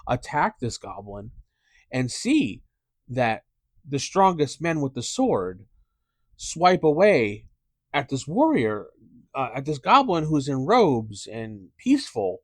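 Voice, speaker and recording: A man's voice: medium pitch, sing-song, takes it slowly, no echo. Rambling man, dry close mic. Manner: rambling, thinks out loud with many fillers. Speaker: podcast host. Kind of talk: casual podcast chat about tabletop gaming.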